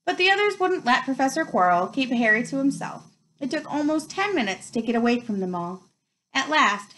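A woman reads a children's novel aloud at a home pace. Her fairly high voice swings lively through each sentence, giving the narration an animated, storytelling feel. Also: poor audio. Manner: expressive storytelling. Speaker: reader.

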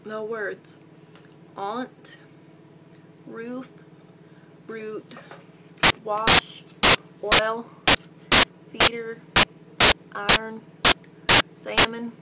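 Recorded on a built-in laptop mic full of loud hum and static, a young vlogger from Albany, Georgia, speaks with a Southern accent in a slightly high, steady voice. She draws out her words and leaves long pauses while casually reading a word-and-question list for an accent-tag video, adding rambling asides.

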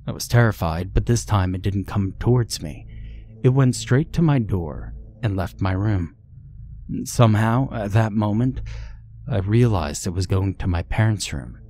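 A man's voice: on the low side, expressive, unhurried, dark tone, slight background noise. A man reading as a frightened young woman. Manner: pleading, tearful. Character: frightened young woman fleeing her home. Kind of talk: scripted horror story reading.

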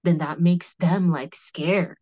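A woman's voice: lowish voice, fairly even intonation, slow, warm tone, no echo. A woman hosting a podcast, talking frankly and rambling with lots of "like" fillers. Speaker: podcast host. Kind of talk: candid conversational discussion. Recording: slightly muffled audio.

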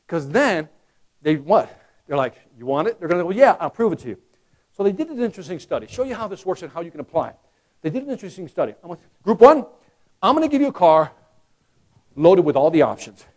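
Animated high-voiced male speaker. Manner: animated, acts out customer voices, jokes with the crowd. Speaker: sales trainer giving a keynote. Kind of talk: lively stage talk to a live audience. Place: conference hall.

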